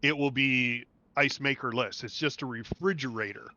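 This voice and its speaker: A man hosting a casual gaming livestream, talkative and quick to laugh as he explains things at length. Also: mid-range voice, pushed and bright, no room sound, dull audio. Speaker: livestream host. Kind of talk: casual gaming stream chat.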